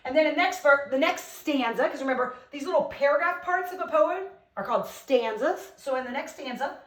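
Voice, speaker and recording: A woman teacher giving an online lesson to young children, reading a poem aloud with slow, expressive emphasis. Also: high voice, roomy sound, far from the mic.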